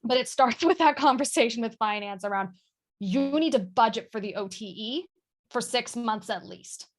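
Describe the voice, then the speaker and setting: A woman's voice: fairly high pitch, expressive, normal speed. A woman guest speaking frankly and casually about sales, swearing now and then. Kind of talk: casual panel chat.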